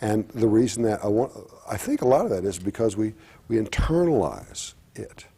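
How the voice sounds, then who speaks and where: A middle-aged man talking candidly as a guest, halting and reflective, with frequent restarts. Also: lowish voice, big pitch swings, vocal fry, dark tone, breathy edge. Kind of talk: candid personal talk-show conversation.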